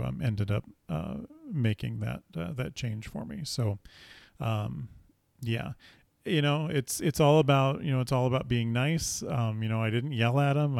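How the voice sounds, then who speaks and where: Casual male storyteller, gravelly and halting, full of fillers, recorded dry. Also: mid-range voice, darkish tone, dry recording. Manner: rambling, full of fillers and restarts.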